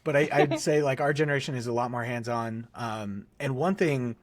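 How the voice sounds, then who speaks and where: A man in his thirties, a podcast co-host, calmly giving earnest, reflective advice in casual chat. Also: mid-range voice, moderate pace. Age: 30s.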